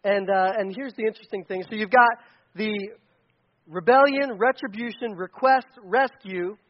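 A man preaching a sermon, telling a story in a lively, animated way and acting out the quotes. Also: high-pitched, normal speed, lo-fi sound. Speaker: pastor.

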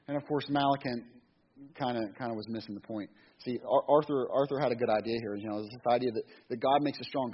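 A man's voice: medium pitch, breathy edge. A middle-aged man giving a casual, rambling sermon, restarting and repeating words in a folksy way, on a dull lo-fi recording with faint hiss. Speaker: church speaker.

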